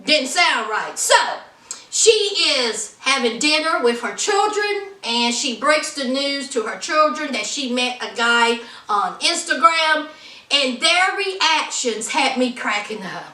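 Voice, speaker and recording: A woman's voice: sits high, sing-song, takes it slowly, bright, forceful tone. A woman hosting a podcast, giving a sassy, chatty recap of a reality show and talking straight to her listeners. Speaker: podcast host. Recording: roomy, distant from mic.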